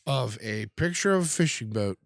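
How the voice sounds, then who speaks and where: A man chatting as a podcast guest, telling stories in a laid-back way with halting restarts. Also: mid-range voice, animated, no room sound, clean studio sound. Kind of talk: casual chat.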